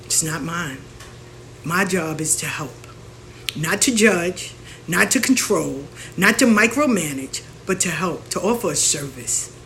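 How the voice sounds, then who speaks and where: A woman, hosting and talking casually, telling stories in an animated way and acting out the people she quotes. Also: mid-range voice, a little hiss or hum. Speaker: spiritual practitioner and host. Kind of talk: casual monologue.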